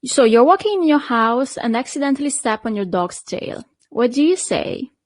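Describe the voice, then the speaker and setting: A woman's voice: a little high, very animated, moderate pace, no echo. Patient Italian-accented woman teaching. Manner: patient, checks in with frequent "okay?" and "perfect". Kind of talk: online language lesson.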